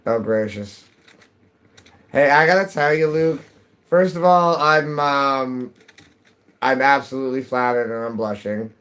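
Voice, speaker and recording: A man's voice: mid-range voice, measured pace, long pauses, fairly bright tone, rough recording. A man live-streaming a game, chatting casually with viewers in a rambling, jokey way, his voice cracking. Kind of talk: casual live-stream chat while gaming.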